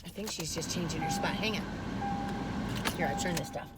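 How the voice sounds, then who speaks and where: An older woman chatting casually to camera, gentle and rambling, often talking sweetly to her dog. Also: low-pitched, fairly even intonation, fast talker, loud music behind the voice. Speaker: video reviewer.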